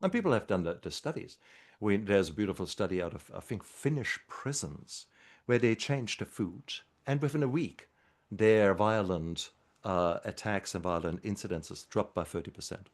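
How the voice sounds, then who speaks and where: A man speaking as a guest doctor in a podcast interview, talking in an earnest, encouraging way. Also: lowish voice. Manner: speaks slower when calm.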